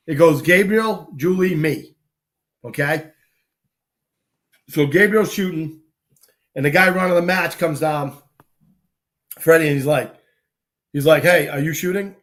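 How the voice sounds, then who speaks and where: Guy from boston, kinda high voice, hosting a chat, acts out all the quotes, salty slang. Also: takes it slowly, pauses often, fairly bright tone. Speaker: show host. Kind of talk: casual storytelling chat.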